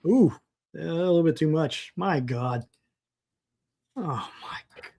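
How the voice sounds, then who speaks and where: A man's voice: a little high, expressive, slow pace, gravelly, dark tone, husky. A man co-hosting a live sports talk stream, groaning and exasperated over his team's record.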